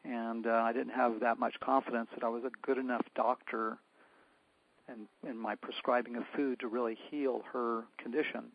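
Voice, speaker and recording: Older man with a gravelly, husky voice. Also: mid-range voice, flat delivery, normal speed, dry recording. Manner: retells dialogue by acting out both sides, candid. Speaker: physician. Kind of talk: anecdotal storytelling. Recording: dull lo-fi dry recording.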